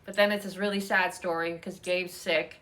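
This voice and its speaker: A woman's voice: lowish voice, steady tone, moderate pace, a bit bright, a little hiss or hum. A woman hosting a casual chat at home, talking in a rambling, chatty way with many fillers. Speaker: host.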